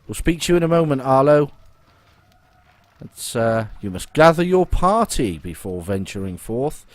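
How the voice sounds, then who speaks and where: A man's voice: medium pitch, expressive, normal speed, no room sound. Guy chatting through his game, reads the lines out, dry close mic. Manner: chatty, reads game dialogue aloud in a light playful tone. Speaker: let's play host. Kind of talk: casual gameplay commentary.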